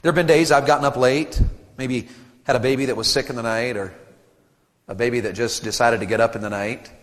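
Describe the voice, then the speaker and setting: A man in his thirties preaching a sermon to teenagers at a camp, animated and storytelling, acting out voices and joking with the crowd. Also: medium pitch, brisk, long reverb tail.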